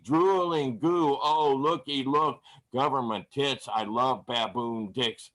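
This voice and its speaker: A man's voice: on the high side, slow, fairly bright tone. A man performing profane, angry spoken word poetry at an online open mic over a video call. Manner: angry, profane, declamatory delivery.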